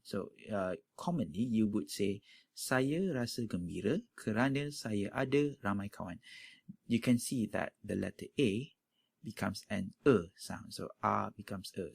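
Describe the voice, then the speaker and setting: Gravelly, husky man explaining pronunciation. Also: fairly low pitch, dry recording. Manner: thinking aloud with frequent fillers. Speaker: language teacher.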